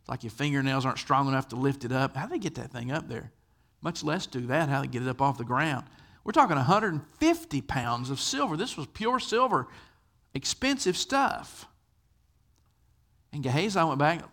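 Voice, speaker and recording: A man's voice: a little high, sing-song, moderate pace, fairly bright tone. An older man preaching a sermon, telling stories in a conversational way and asking his listeners questions. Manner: conversational storyteller, asks the audience questions. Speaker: pastor.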